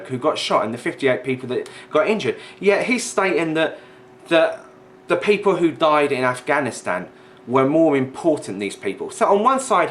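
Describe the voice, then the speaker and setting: A man's voice: medium pitch, a bit bright, slight background noise. A man commenting indignantly on a video, swearing and repeating himself as he argues. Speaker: reaction vlogger. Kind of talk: reaction commentary.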